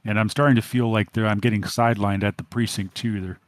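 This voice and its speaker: A man's voice: lowish voice, steady tone, fast talker, no room sound, natural voice. A man voicing a weary male police officer who talks bluntly and plainly. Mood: worried. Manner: plain, matter-of-fact.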